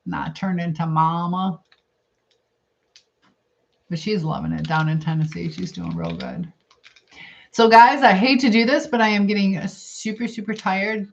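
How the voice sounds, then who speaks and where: A woman's voice: fairly low pitch, creaky. A middle-aged woman hosting a casual livestream, chatting with viewers and rambling as she eats and reads comments. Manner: chatty, rambling, thinks aloud while eating. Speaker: livestream host. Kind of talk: casual live chat reading comments. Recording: dull lo-fi stream audio.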